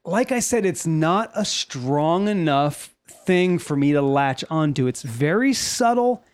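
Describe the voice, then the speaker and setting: Man host, lively, jokey, breaks into bits. easy casual podcast chat. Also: a little high, takes it slowly, clear, resonant tone. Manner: animated, laughing, slips into joking voices.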